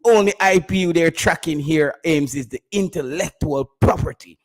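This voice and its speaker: A man's voice: a little high, normal speed, faint music behind. A man with a Jamaican accent, hosting a casual live stream about football, bantering with his chat and laughing often.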